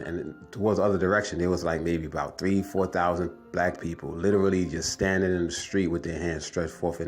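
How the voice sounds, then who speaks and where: A man with a very low, deep voice tells his story to viewers in loose, casual talk. He circles back, repeats phrases and calls his audience family. Faint music plays underneath. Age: adult, has wife and kids. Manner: rambling, repeats himself, addresses viewers as family. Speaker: vlogger telling a dream.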